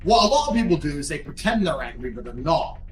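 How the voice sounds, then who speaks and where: A man giving a blunt, profane motivational talk in a forceful, lecturing manner. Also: a little high, big pitch swings, fast talker, echoey room, soft background music, low-quality recording. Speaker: motivational speaker.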